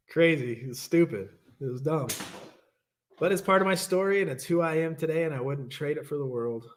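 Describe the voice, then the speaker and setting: A man's voice: fairly high pitch, a little fast, a little hiss or hum. A young man with a slightly raised voice shares his past at an online recovery meeting. His delivery is candid and rambling, slipping into the voices of the people in his story. It is casual storytelling, not a speech.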